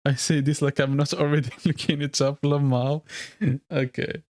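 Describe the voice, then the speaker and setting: A man with a fairly high, darkish voice streams live, chatting casually with viewers at a moderate pace in a flat delivery. He rambles, laughs often, and leans heavily on fillers like "like." He's a streamer and lore video creator, and the audio has no echo.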